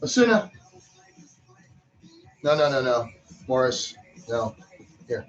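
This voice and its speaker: A man's voice: on the high side, lively intonation, normal speed, highs cut off, faint music behind. A man at home talking to his kittens in a playful, teasing, coaxing way. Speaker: pet owner.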